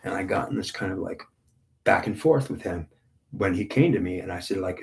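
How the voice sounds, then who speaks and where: Man, 50s, low voice, spiritual reader, intense and repetitive with halting restarts. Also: lively intonation, vocal fry, darkish tone. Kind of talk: spiritual monologue.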